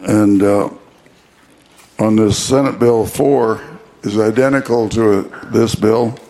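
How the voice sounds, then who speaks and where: A man, a state representative, explaining a bill on the floor in a halting way. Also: fairly low pitch, steady tone, mellow. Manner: halting, with fillers and restarts.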